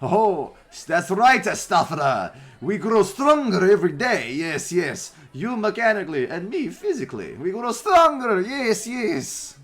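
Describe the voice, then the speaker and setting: A man doing a booming, boastful strongman. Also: big pitch swings, a little slow, few pauses, fairly bright tone, heavily acted. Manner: booming, self-satisfied. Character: boastful burly male carnival strongman.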